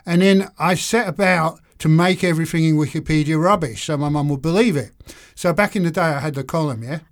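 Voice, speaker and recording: A man's voice: fairly high pitch, fairly quick. A man, a guest author chatting in a podcast interview, wry and self-mocking, often breaking into laughs. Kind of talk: casual interview chat.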